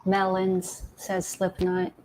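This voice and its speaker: A woman's voice: mid-range voice, monotone, slow pace, darkish tone, slight background noise, rough recording. A woman co-hosting a casual horror watch-along chat, tossing out dry, wisecracking quips. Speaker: podcast co-host.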